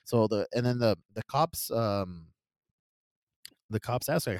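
A man's voice: medium pitch, normal speed, no echo, clean studio sound. A man co-hosting a casual podcast, telling a story with lots of swearing and laughter. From California. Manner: profane, animated storytelling, laughs often. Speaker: podcast co-host. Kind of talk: casual chat.

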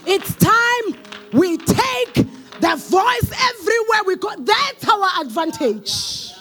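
High, fiery South African woman preaching. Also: big pitch swings, slow, music in the background. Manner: shouted declarations, rhythmic chanting. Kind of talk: sermon.

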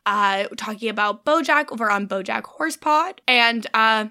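A woman co-hosting a podcast in casual chat, animated, teasing and playful. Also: on the high side, normal speed. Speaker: podcast co-host.

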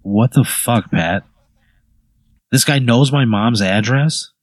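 A man's voice: mid-range voice, takes it slowly, no room sound. A man hosting a podcast, reacting with incredulous, exasperated swearing. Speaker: podcast host. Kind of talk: casual comedic chat.

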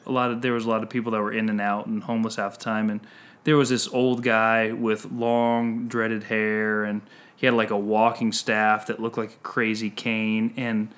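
A man's voice: lowish voice, flat delivery, normal speed, fairly bright tone. Man telling a story with laughs. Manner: laughing, self-mocking storytelling. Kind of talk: casual chat.

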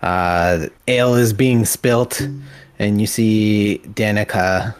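A deep-voiced man runs a tabletop game as game master, narrating loosely and casually. The sound is dry and close. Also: fairly even intonation, slow pace, clear, resonant tone, no room sound, soft background music.

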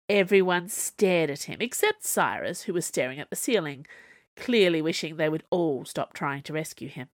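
Female narrator, lower voice, lively storybook reading, dry close recording. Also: dry recording. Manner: expressive, voices dialogue with big pitch jumps. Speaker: author narrating her own serial story.

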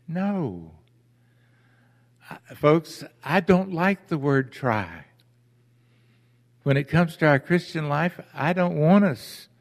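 A man, a pastor, preaching a sermon with deliberate emphasis and rhetorical questions to his congregation. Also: medium pitch. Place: church sanctuary. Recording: church hall with long reverb.

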